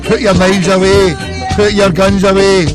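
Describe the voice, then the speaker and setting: A man's voice: sits high, little pitch movement, moderate pace, over music. A Scottish man hosting a live internet radio call-in show, ranting and hurling insults in a rambling way.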